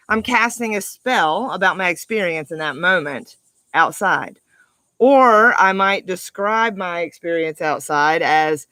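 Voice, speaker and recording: Woman, middle-aged, life coach, animated emphatic talk, bright forceful voice, dry sound. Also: mid-range voice, measured pace, dry recording. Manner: upbeat, animated, emphatic with laughs. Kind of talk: motivational talk to camera.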